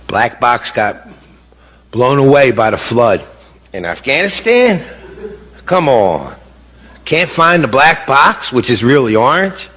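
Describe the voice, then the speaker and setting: A man's voice: medium pitch, big pitch swings, a little slow, long pauses, sharp tone. A middle-aged man speaking as a bereaved father, giving impassioned testimony. He sounds indignant and repeats words for emphasis. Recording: long hall reverb.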